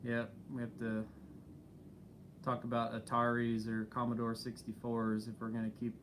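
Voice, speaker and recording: A man's voice: medium pitch, monotone, moderate pace, a little hiss or hum. A man co-hosting a casual live stream, talking in an easygoing, rambling way with many fillers. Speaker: channel co-host.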